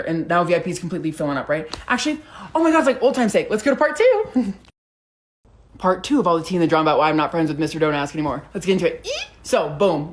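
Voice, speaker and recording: A young woman from Denver, a content creator telling a storytime vlog in a chatty, profane way, full of filler words. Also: on the low side. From Denver, United States.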